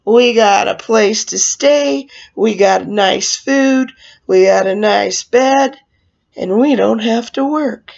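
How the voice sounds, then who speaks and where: A woman voicing a smug, lazy male rooster in a spoken story, with a gravelly edge. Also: fairly high pitch, slow, darkish tone, full character voice. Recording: dull lo-fi recording.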